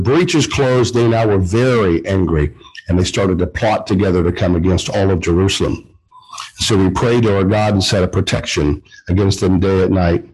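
Male pastor, husky sermon voice, emphatic, repetitive, direct address. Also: lowish voice, darkish tone, rough recording. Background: men's gathering.

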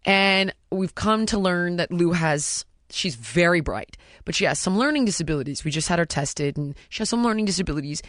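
A woman's voice: on the low side, expressive, a little fast, hardly any pauses, fairly bright tone, dry recording, clean studio sound. A woman hosting a podcast, talking frankly and swearing freely as she tells stories from her life as a mother. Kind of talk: candid casual podcast chat. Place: podcast studio.

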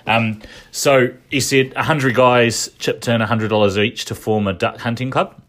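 A man's voice: mid-range voice, steady tone, moderate pace, a bit bright. A man giving casual spoken commentary, thinking aloud with frequent restarts and asides. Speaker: commentator recapping a shareholder meeting.

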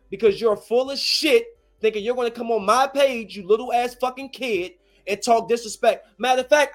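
A man in his thirties, a streamer, delivering a heated, profane, confrontational rant to his viewers. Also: high voice. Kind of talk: angry rant to camera.

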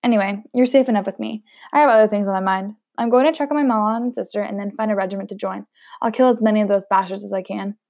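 A woman's voice: medium pitch, quick pace, gravelly, darkish tone, no room sound, clean studio sound, close to an everyday voice. A woman reading aloud, voicing a scruffy, wiry young man who is a blunt, teasing ex-prisoner in a storybook.

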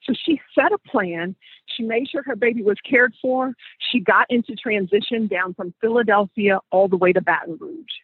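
A man with a high, very husky voice tells a story as a podcast host, leaning hard on repeated phrases. The sound is dry and thin, like a phone line. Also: moderate pace, dry recording. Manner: emphatic, repeats phrases for weight. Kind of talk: conversational storytelling.

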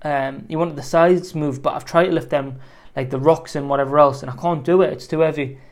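A man quoting a kind woman customer, warm and insistent, a touch higher than his own voice. She comes across as friendly and sincere. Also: steady tone, brisk, natural voice. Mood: grateful.

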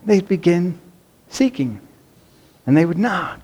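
A middle-aged man delivers a sermon with lively, story-driven energy, his voice sitting notably high for a man. He slips into pleading children's voices to act out his illustrations. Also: slow pace, breathy edge. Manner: animated storytelling, acts out pleading children in a raised voice. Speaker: pastor.

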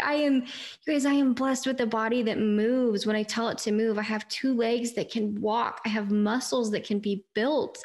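A woman in her thirties hosting a faith-based pep talk podcast, chatty and earnest, often saying "you guys". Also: a little high. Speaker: podcast host.

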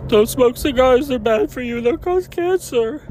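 A man mimicking a high, caring partner. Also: lively intonation, a little slow, a little mellow, a little hiss or hum, low-quality recording. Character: caring partner nagging him to be healthy.

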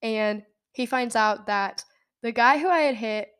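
A young woman with a fairly high voice tells a story on her podcast. She talks casually, laughs often and jumps up in pitch to act out what people said. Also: a little slow, clean tone. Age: young adult. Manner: animated, laughs often, acts out quotes in a high voice. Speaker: podcast host.

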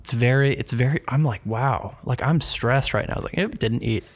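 A man co-hosting a podcast in casual chat, with vocal fry and a rambling, self-mocking sarcastic manner. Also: medium pitch, a little fast. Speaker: podcast co-host.

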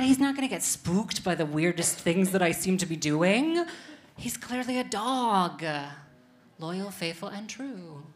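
Performing stand-up before a live crowd, a young adult woman delivers deadpan, self-deprecating asides. Her voice is lowish, with slight background noise in the recording.

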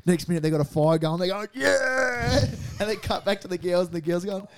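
A man's voice: high voice, very fast. A man, chatting casually as a podcast co-host and acting out quotes as he tells a story. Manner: swears freely, acts out quotes in animated storytelling. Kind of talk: casual chat.

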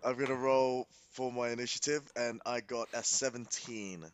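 A man playing a tabletop game, talking casually and haltingly, with pauses. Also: medium pitch, flat delivery, clean tone, no echo. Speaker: player.

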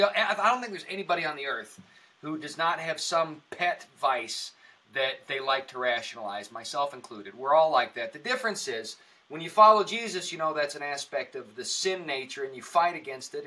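A man's voice: fairly high pitch, sharp tone, distant mic. A man guest speaking in a casual interview, earnest and rambling, with a preacher-like way of explaining things. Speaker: comedian and actor, podcast guest.

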